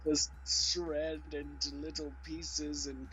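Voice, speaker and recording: A man playing a video game on stream, talking in dry, deadpan, mock-weary banter. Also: on the high side, slow, slightly rough, rough recording. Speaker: let's play streamer. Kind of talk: casual gaming banter.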